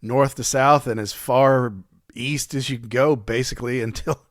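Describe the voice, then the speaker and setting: A podcast host in casual chat, rambling through his retelling with plenty of fillers. His voice is mid-pitched and ordinary. The sound is dry and close, with no room around it. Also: steady tone, normal speed, no room sound.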